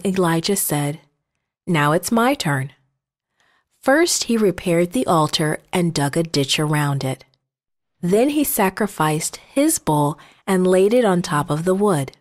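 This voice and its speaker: A woman narrating children's Bible stories in a gentle, measured storytelling manner. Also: on the low side.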